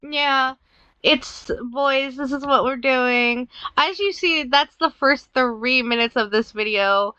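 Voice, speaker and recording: A young woman with a high, bright voice talks slowly and bluntly, tossing in slang and laughing often. The recording is dry and dull, with a lo-fi sound. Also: clear, resonant tone, no room sound. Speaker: podcast co-host. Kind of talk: casual chat.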